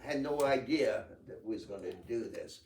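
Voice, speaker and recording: A man, a pastor hosting an interview, talking in a halting, casual way. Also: medium pitch, lively intonation, darkish tone. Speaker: pastor, host. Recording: echoey room, distant mic.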